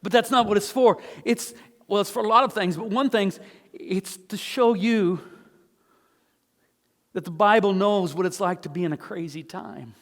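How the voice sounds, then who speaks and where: A man's voice: high-pitched, normal speed, big-room sound. A male pastor preaching a sermon, earnestly reading scripture aloud with rising emotion. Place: church sanctuary.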